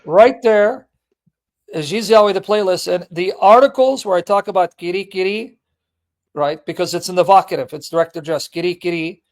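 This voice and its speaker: A man's voice: high voice, moderate pace. A man hosting an apologetics call-in show, blunt and teasing, repeating his points with emphasis. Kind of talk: live call-in debate chat.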